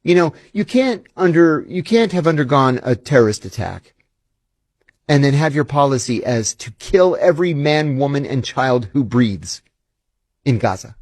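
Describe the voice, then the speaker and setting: A man's voice: mid-range voice, animated, moderate pace, darkish tone, no echo. A man being interviewed, telling stories animatedly and acting out the dialogue he quotes. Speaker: interview guest, former intelligence officer. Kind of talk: conversational interview storytelling.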